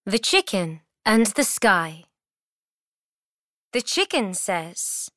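Bright woman reading slowly. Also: medium pitch, very animated, no echo, studio quality. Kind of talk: reading a children's story aloud.

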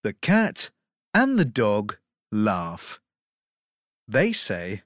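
A woman teacher reading a children's story aloud slowly and clearly, acting out the animals' voices. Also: extremely low pitch, huge pitch swings, no echo, clean studio sound. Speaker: English teacher.

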